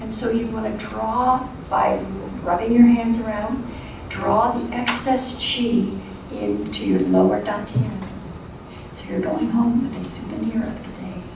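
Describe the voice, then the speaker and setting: A middle-aged woman gently leads a qigong class, her instructions calm with small jokes. She sounds distant in a very echoey room. Steady background noise runs underneath. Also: fairly high pitch, a little slow. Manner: calm, gently guiding, playful asides. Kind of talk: guided exercise instruction. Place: large echoey meeting room. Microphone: lapel mic.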